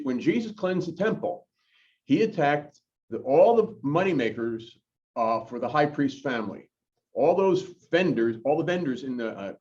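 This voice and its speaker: A man who is an interim pastor leads a Bible study in a church chapel, talking in a lively, conversational way with frequent fillers. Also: medium pitch. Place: church chapel, in front of a live group. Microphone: corded mic, worn while moving about. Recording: distant, dull lo-fi sound.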